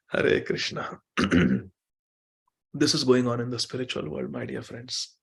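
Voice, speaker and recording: A man giving a devotional sermon who acts out quoted dialogue with emotion, often pleading and slowing down on key words. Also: medium pitch, expressive, creaky, breathy edge. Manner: emotive, pleading when voicing quoted lines, stretches words slowly. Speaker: speaker giving a devotional class. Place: temple hall.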